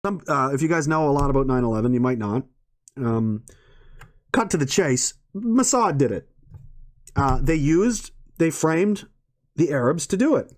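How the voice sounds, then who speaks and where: A man rants to an audience in a rambling, profane monologue, his somewhat high voice swinging up and down. He laughs partway through sentences and swears freely. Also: lively intonation, moderate pace.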